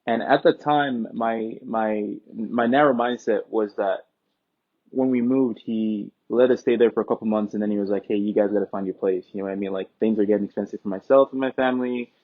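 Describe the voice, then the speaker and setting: A young man from Nigeria, telling stories as an interview guest in a relaxed, joking way. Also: lowish voice, a little fast. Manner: relaxed, joking, breaks into quoted dialogue. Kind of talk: casual interview storytelling. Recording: tinny phone-like line.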